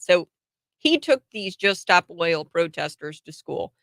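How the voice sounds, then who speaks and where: Chatty and opinionated, this woman hosts a talk radio show, laughing frequently and stumbling through many "uh"s and restarts. Her voice is on the low side, and the recording is dry.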